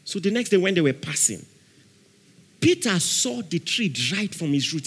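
Animated preacher man in a reverberant hall. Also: high-pitched, moderate pace, breathy edge. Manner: animated preaching, shouting dramatic prayer examples, laughing often. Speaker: pastor. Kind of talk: sermon. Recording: long reverb of a large hall.

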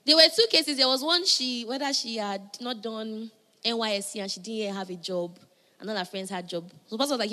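A woman preaching a sermon, moving between loud emphatic calls and soft, hushed passages. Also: on the high side, moderate pace.

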